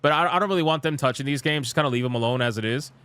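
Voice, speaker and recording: A man's voice: mid-range voice, racing, fairly bright tone, clean tone. A young man streaming live, reacting to gaming news and reading comments aloud in a blunt, exasperated, profane rant.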